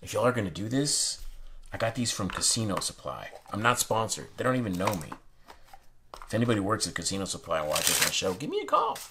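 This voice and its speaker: Excitable deep-voiced man unboxing cards. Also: fairly quick. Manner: excitable, chatty, drops to a hush. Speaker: playing card channel host. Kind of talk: casual unboxing commentary. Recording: noisy room with card handling sounds. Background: shuffling cards and clicks.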